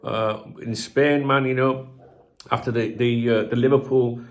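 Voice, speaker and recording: A man's voice: medium pitch, fairly even intonation, unhurried. Chatty man reading football news. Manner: chatty and digressive, with frequent fillers and rhetorical asides; blunt, occasional swearing. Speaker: football channel host. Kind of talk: reading news aloud with casual commentary.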